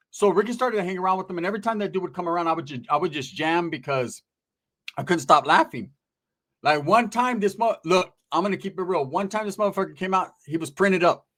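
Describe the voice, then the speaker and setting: Animated, high-voiced male storyteller. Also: quick pace. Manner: animated, profane, conversational. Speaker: stand-up storyteller. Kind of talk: comedic storytelling.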